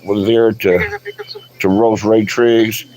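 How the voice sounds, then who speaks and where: A man's voice: on the low side, steady tone, takes it slowly, a little mellow. An older man, an online commentator, delivering a profane, boastful rant into his phone in a taunting, swaggering manner.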